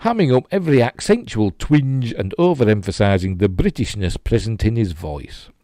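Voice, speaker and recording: A man's voice: on the low side, lively intonation, normal speed, dark tone, dry recording. A man with a Yorkshire accent hosting a geek news show, reading stories and dropping dry jokey asides. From Yorkshire, England.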